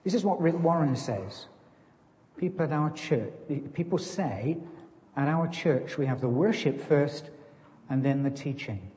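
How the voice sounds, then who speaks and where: A man's voice: a little high, lively intonation, measured pace, warm tone. A man preaching a sermon, conversational and self-deprecating. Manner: conversational, self-deprecating, plays farmer joke. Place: church. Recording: long church reverb.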